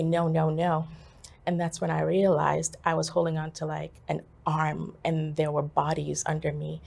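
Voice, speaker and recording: A woman telling a personal story as an interview guest, halting and full of pauses and fillers. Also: sits low, vocal fry, a little mellow. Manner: halting, with many fillers and restarts.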